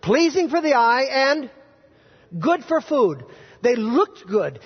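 A male pastor preaching a sermon in a church, animated and quizzing his congregation with playful sarcasm. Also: extremely high pitch, takes it slowly, breathy edge. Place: church sanctuary. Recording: dull, reverberant church hall recording.

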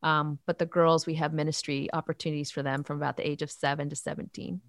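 Woman in her fifties, youth ministry leader, earnest, animated, lower voice, dry close sound. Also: quick pace, no echo. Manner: earnest, animated storytelling with faith talk. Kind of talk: interview answers.

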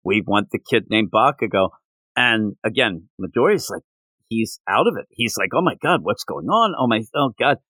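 A man co-hosts a casual podcast, talking through a comic chapter with lots of swing in his voice. His tone is bright and forceful. The sound is dry and close, with no room around it. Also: moderate pace, dry recording, low-quality recording. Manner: animated, jumps in pitch when quoting characters. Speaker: podcast co-host. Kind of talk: casual podcast chat recapping a manga chapter.

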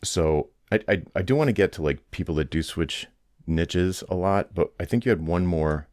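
A man's voice: sits low, moderate pace, darkish tone, no room sound, clean studio sound. A man hosting a business podcast, talking casually with frequent fillers. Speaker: podcast host. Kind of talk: conversational interview.

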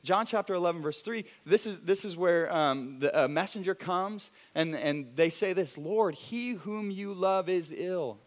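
A young man preaching in a church sanctuary. His voice sits a little high, and his delivery is animated and chatty, full of restarts and playful asides. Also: normal speed, few pauses. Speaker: pastor. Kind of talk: sermon.

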